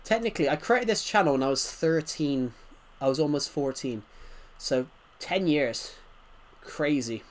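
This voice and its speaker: A man in his twenties from the United Kingdom, with a thick rural British accent, speaks at a measured pace in a fairly high voice. He's a game streamer chatting casually and rambling to his chat.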